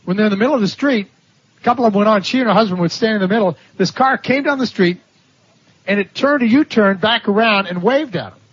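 High-voiced, husky man preaching a story sermon. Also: quick pace. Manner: animated storytelling, laughing at his own stories, acting out quoted voices. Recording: dull lo-fi sermon recording.

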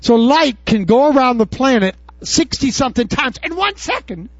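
A man preaching a sermon in a casual, folksy way, swinging from loud high bursts down to low murmurs. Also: normal speed, dry recording, lo-fi sound. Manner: casual, folksy, says "dude" and "y'all". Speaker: pastor.

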